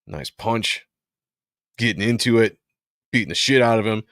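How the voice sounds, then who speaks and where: A man hosting a casual comic book livestream, chatting in a relaxed way and reading comic lines aloud. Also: lowish voice, normal speed, no echo, studio quality. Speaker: host.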